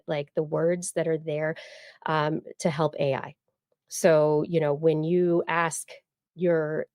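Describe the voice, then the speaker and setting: Woman science podcast co-host, lowish voice, chatty and loose, dry close mic. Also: a little mellow, no echo. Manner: chatty, explaining with many fillers and restarts. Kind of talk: casual science chat.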